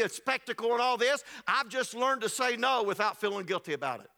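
A man preaching a sermon as pastor, telling a scripture story in an animated way, acting out its people and building to loud, rising passages. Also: extremely high pitch, a little fast, vocal fry, hardly any pauses. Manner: acts out the voices of the people in the story.

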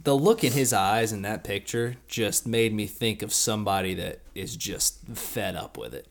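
A man's voice: on the low side, moderate pace, gravelly. A man co-hosting a podcast in casual comedic chat, making provocative half-joking takes. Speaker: podcast co-host.

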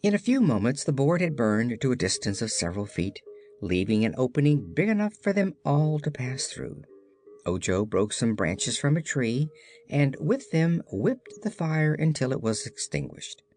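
An audiobook reader narrating a children's fantasy story in an expressive, even-handed way, with faint music behind. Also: medium pitch. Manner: expressive, unhurried reading.

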